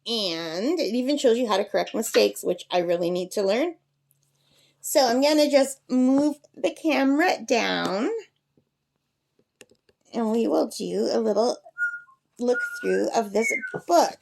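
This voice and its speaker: Woman host with a slightly high voice, chatty and enthusiastic, for a casual book review vlog. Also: lively intonation, measured pace, creaky, pauses often, darkish tone. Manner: chatty and enthusiastic, talks to her pet parrot. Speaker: craft channel host. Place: at a campsite.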